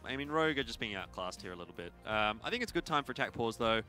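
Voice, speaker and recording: A man giving relaxed, rambling color commentary on a competitive shooter match. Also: mid-range voice, racing, faint music behind. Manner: relaxed, rambling analysis with fillers. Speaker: esports analyst.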